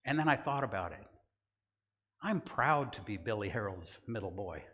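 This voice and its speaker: A man's voice: fairly low pitch, animated, normal speed, a bit bright, big-room sound. An older man from Southern California giving a Bible lesson in a conversational sermon style, often checking in with listeners by asking "right?". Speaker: church teacher. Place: church hall.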